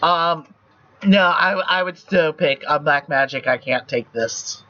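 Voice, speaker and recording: A man reads the text of a story game aloud during a casual livestream. His voice is bright and sits fairly high. He narrates evenly and breaks into laughter often between lines. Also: unhurried, highs cut off. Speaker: streamer reading an interactive story game aloud.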